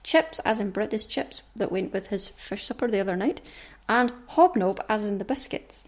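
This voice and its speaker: A woman's voice: medium pitch, animated, moderate pace. A woman hosting a podcast, chatting casually and self-mockingly to her listeners. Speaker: podcast host.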